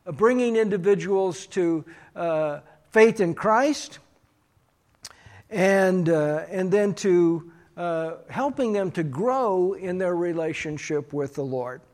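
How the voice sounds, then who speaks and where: Slow, halting high-voiced man preaching. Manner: slow, halting, many fillers. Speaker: pastor. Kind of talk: sermon recap.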